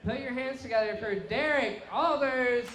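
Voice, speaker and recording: A man's voice: very high-pitched, moderate pace, very noisy. A man hosting a comedy show on a brewery stage, introducing the next comic in an upbeat, hyped way. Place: brewery stage with live audience. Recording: echoey room with lively crowd.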